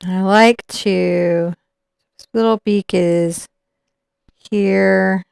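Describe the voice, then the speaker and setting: A woman's voice: medium pitch, fairly even intonation, very slow, gravelly, darkish tone, smooth, no room sound, clean studio sound. A woman teaching a live acrylic painting lesson, chatting and explaining each step as she paints. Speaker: art instructor.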